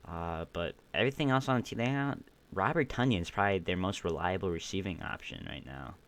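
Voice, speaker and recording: A man's voice: sits low, brisk. A young man hosting his own podcast stream, rambling casually with opinionated takes, a bit groggy and burping. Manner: rambling, opinionated, many restarts. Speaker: podcast host ranking football teams. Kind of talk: casual solo stream commentary.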